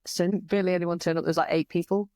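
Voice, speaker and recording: A woman's voice: on the low side, rapid-fire, no echo, clean studio sound. Chatty woman with an East Midlands accent. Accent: English East Midlands. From East Midlands, England. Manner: chatty, animated storytelling. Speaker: podcast guest. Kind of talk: casual conversation.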